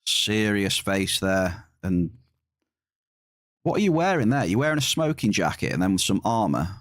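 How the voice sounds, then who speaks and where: A man's voice: lowish voice, big pitch swings, normal speed, a bit bright, dry recording, studio quality. A man giving live game stream commentary, teasing his chat in a playful, bantering way.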